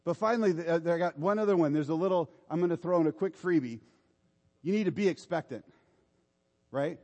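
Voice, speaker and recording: A man's voice: a little high, a little fast, darkish tone, in a large hall. A man preaching a sermon in an informal, exhorting way, urging his listeners on. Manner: informal, exhorting, repeats "come on".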